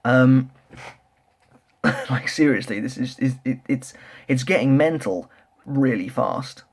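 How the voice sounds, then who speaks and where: Young man, casual manga review, rambling, excitable, lots of ums and restarts. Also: medium pitch, takes it slowly. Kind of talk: casual solo review chat.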